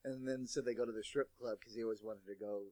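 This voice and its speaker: A man's voice: mid-range voice, fairly even intonation, quick pace, a little mellow, no room sound. A man co-hosting a podcast, teasing and swearing as he retells scenes in casual chat.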